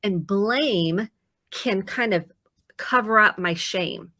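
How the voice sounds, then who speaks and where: A woman therapist on a live talk show, explaining calmly and earnestly and acting out her own self-talk to make a point. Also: mid-range voice, takes it slowly, no room sound. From Indiana, US. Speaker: therapist guest.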